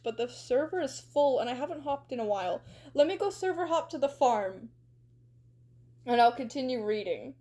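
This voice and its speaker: Giggly high-voiced woman streamer. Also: animated, moderate pace, mellow. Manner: giggly, chatty, teasing. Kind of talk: casual reading to a live chat while gaming.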